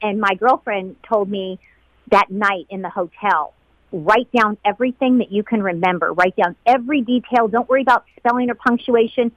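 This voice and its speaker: A woman who was a flight attendant, being interviewed about a painful day. She talks in a halting, emotional way and often repeats herself. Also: medium pitch, dry recording. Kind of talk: emotional personal recollection. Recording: dull lo-fi sound.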